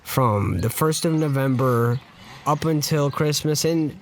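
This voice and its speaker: A man's voice: on the high side, measured pace, slight background noise. A man co-hosting a podcast, chatting casually and telling jokey stories. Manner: animated, jokey storytelling. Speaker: podcast co-host. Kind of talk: casual chat.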